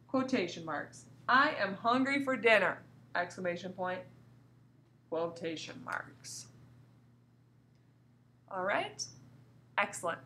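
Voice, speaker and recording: A woman teacher giving a recorded grammar lesson to young pupils, reading example sentences aloud with marked pauses and coaxing the class with questions. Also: fairly high pitch. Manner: lively, coaxing questions to students. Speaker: elementary school teacher.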